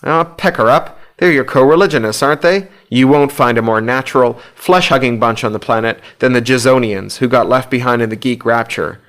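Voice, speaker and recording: A man's voice: mid-range voice, brisk, few pauses, a bit bright, natural voice. A man voicing a smug prankster friend who teases in a chummy, mocking way.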